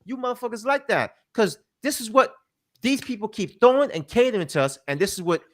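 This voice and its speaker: A man with a fairly high voice tears into a rant, swearing freely and stressing his points hard. He mimics the people he criticizes in mocking quoted asides. His tone stays emphatic and combative throughout. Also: animated, a little fast, a bit bright. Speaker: commentator. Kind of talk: heated commentary rant.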